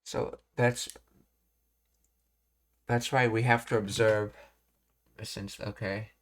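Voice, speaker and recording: Male learner, slow and halting, thinking aloud through grammar notes with frequent restarts. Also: fairly low pitch, level tone, fairly bright tone. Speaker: Japanese learner walking through anime dialogue. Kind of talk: thinking-aloud study session.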